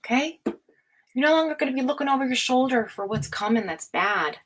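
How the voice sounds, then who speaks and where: A woman giving a tarot reading in a forceful, profane, scolding pep-talk manner, with many fillers and restarts. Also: sits high, expressive, brisk, slight background noise. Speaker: tarot reader. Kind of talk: casual spoken tarot reading to camera.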